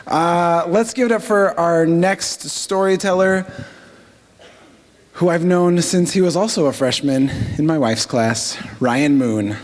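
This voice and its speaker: A man's voice: fairly high pitch, takes it slowly. A man who teaches at the school, introducing the next storyteller on stage. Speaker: emcee and teacher.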